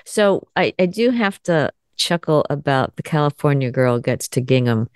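Female podcast host, low and smooth, dry close sound, expressive questioner. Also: normal speed, few pauses, dry recording. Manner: expressive, sympathetic questioning with restarts. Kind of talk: conversational interview.

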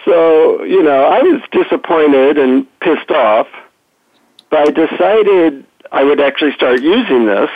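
A man's voice: a little high, unhurried, no room sound. A middle-aged man, a psychotherapist and author, telling stories as a guest on a phone-in radio interview. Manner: animated storyteller, chatty with fillers. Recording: tinny phone line.

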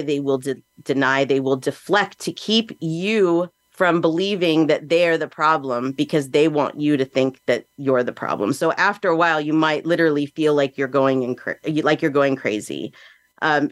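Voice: medium pitch, no echo. A podcast host, an adult with children, giving a candid and reflective personal monologue in a plain-spoken, earnest way.

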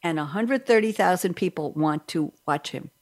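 A woman's voice: fairly low pitch, expressive, normal speed. A middle-aged woman hosting a radio talk show, chatting casually and rambling from one aside to the next.

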